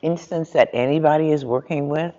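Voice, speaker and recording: A man speaking on a panel, telling stories and giving advice in a relaxed, conversational way. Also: on the high side, in a large hall, dull audio. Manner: unhurried, conversational, chuckles while telling stories.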